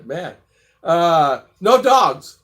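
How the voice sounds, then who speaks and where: Chatty, rambling male vlog host on a live stream, slightly higher voice, reads viewer comments, laughs easily. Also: very animated, very slow, fairly bright tone. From abroad, living in the Philippines. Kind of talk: casual live-stream chat.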